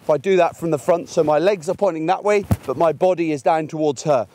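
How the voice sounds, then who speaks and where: A middle-aged man teaches a puppy outdoors, talking in a relaxed, chatty way. He leans on homely everyday examples to make each point. His voice sits a little higher than most men's. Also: fairly quick, slight background noise. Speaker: gundog trainer. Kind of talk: outdoor training demonstration. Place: outdoors in a field by a fence.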